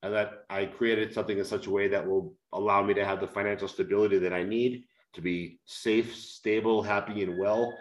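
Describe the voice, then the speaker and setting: A man with a lowish voice speaks slowly and enunciates each word with care. He talks as an author being interviewed and reads passages from his book. The room around him rings with a noticeable echo. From United States. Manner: slow, carefully enunciated delivery to be easily understood. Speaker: author and guest. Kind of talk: conversational interview, reading aloud from his book.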